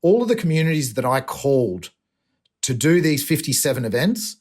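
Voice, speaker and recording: Earnest Australian man, halting and emotional. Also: mid-range voice, very animated, a little mellow. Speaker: environmental activist guest. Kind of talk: podcast interview.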